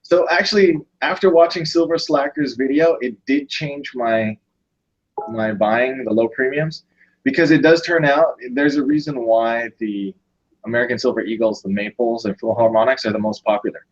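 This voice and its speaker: A man hosts a relaxed video-call chat at a middle pitch. He works through his points with restarts and small pauses. The sound is slightly muffled and lo-fi. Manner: thinks aloud with restarts. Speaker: host. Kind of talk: casual chat.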